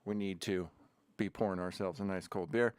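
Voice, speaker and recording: A man's voice: deep voice, fairly even intonation, moderate pace, a little mellow, smooth, no room sound. A man hosting a casual livestream from his home studio, chatting in a rambling way with sarcastic asides between sips of beer. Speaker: livestream host. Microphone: desk camera setup.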